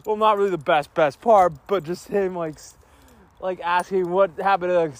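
A man recapping a film in a casual, rambling way, an excitable fan with many fillers. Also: high-pitched, normal speed, dry recording. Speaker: video creator recapping a film. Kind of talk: casual movie recap and reaction.

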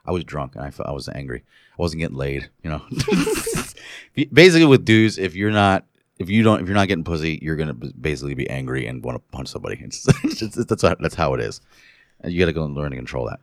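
A man's voice: low voice, no room sound, clean studio sound. A man telling stories in a loose, profane casual chat, hungover today. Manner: loose, profane storytelling with laughs.

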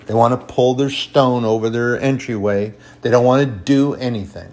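A man preaching a sermon with emphasis, repeating his points for stress and reading scripture in a raised, slow voice. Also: mid-range voice, a little mellow.

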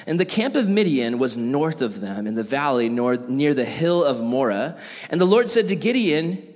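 A man's voice: medium pitch, normal speed. A young man giving a casual, jokey Bible lesson, acting out characters as he tells the story. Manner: animated, jokey, acts out quoted characters. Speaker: youth Bible teacher. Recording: echoey hall.

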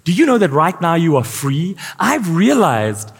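Man, pastor, lively preaching, husky tone, echoing church hall. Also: a little high, unhurried. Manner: animated preaching, questions to the congregation. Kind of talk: sermon. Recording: live church sound with long reverb.

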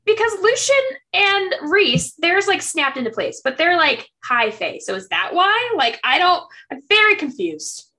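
Young woman podcast co-host, bright voice, swings high and low, rambling. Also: measured pace, few pauses. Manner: rambling, many likes and restarts, animated. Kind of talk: casual book chat.

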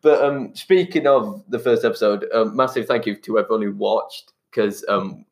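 A man's voice: on the low side, moderate pace, darkish tone. A man, co-hosting a casual podcast, chatty and rambling, laughing often. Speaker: podcast co-host. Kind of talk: casual chat.

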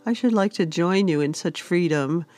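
A woman's voice: fairly low pitch, normal speed, soft background music, natural voice. Woman voicing a sober male warrior. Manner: gentle, sober. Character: sober young male elf warrior, protective lover.

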